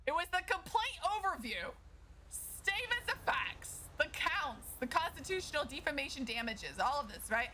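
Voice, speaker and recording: Animated high-voiced woman streamer. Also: slight background noise, low-quality recording. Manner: animated, swears freely, laughs through frustration. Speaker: streamer playing a lawyer in roleplay. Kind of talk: casual out-of-character stream chat.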